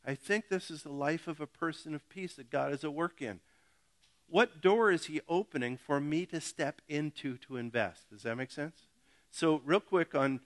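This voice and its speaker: A man's voice: a little high, pushed and bright. A middle-aged male pastor giving a casual, joking sermon that often addresses the congregation directly.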